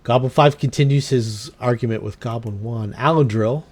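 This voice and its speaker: A man's voice: mid-range voice, normal speed, darkish tone. A man running a tabletop game as game master, narrating the enemies' moves and thinking aloud with fillers.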